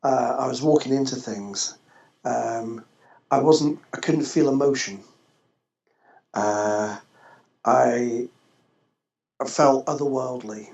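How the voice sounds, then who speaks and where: A man, a former social worker, telling a personal story in an interview, halting and restarting often. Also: medium pitch, gravelly, a little mellow. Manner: halting, with frequent restarts and fillers. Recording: echoey, slightly dull podcast audio.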